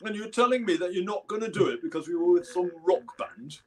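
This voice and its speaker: A man voicing an exasperated, pushy male bandleader who talks in a loud, insistent way. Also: sits high, fast, over a noisy crowd, voice pushed up, close to an everyday voice. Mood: indignant.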